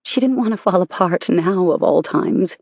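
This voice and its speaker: An audiobook narrator reading a romance novel in an intimate, measured way. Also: mid-range voice, darkish tone, slightly rough, dry recording, highs cut off.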